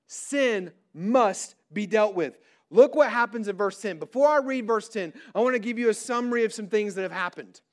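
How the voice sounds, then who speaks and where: A middle-aged male pastor preaching a sermon to a large crowd, pressing his points with rising emphasis and drawn-out stressed words. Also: high voice. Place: large hall before a crowd.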